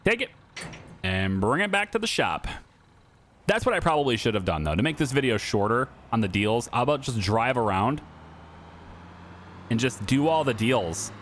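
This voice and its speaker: A man's voice: medium pitch, sing-song, normal speed, pauses often, a bit bright, a little hiss or hum. A man in his thirties chatting casually over gameplay, joking and sarcastic with his viewers. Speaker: gaming YouTuber.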